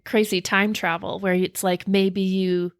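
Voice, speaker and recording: A woman's voice: mid-range voice, flat delivery, unhurried, clear, resonant tone, no room sound. A woman co-hosting a podcast, chatting casually and laughing often as she tells stories. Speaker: podcast co-host. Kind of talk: casual chat.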